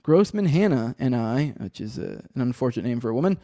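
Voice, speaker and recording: A man's voice: medium pitch, animated, fast talker, dark tone, no room sound, studio quality. A man hosting a podcast from home, talking in a rambling, profane, sardonic way with many restarts. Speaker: podcast host. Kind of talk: casual solo commentary with chat. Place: home room with a cat and a desk.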